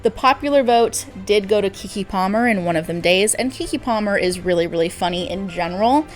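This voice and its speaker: A woman hosting her own channel, chatting casually about films with frequent fillers and quick laughs. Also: mid-range voice, lively intonation, faint music behind. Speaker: host, film reviewer. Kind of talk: casual commentary.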